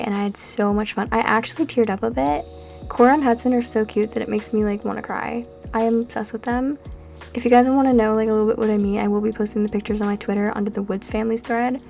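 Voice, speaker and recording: Her voice sits a bit high, creaky and slightly mellow: she's a nineteen-year-old Canadian Sims builder and YouTuber talking over a speed build in a room at home while a storm passes. Chatty and meandering with frequent fillers, she sounds tired and somewhat breathless, with music playing underneath.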